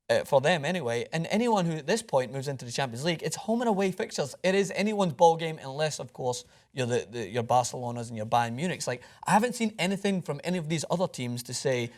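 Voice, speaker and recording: A man chatting about football on a sports show, talking fast in a fairly high voice. He keeps it quick and joking and pokes fun at himself as he goes. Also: sing-song. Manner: quick, joking, self-deprecating. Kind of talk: casual sports chat.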